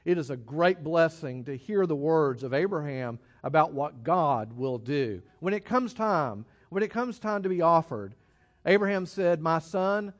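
A man preaching a sermon, reading scripture aloud and then explaining it in a conversational, emphatic way. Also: on the high side. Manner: conversational, emphatic, with chuckles and restarts.

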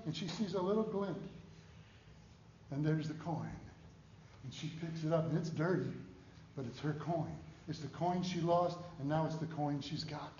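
An older man preaches with folksy humor and a lively, fairly high voice that rises and swells as he tells stories. The sound is roomy and a little dull, with faint noise behind him. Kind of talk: storytelling sermon.

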